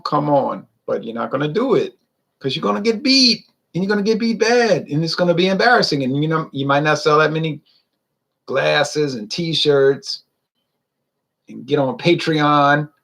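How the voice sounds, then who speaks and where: Gravelly man ranting on camera. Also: fairly high pitch, expressive, moderate pace, a bit bright. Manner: ranting, heated and sarcastic. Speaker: beer review channel host. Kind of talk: casual on-camera rant.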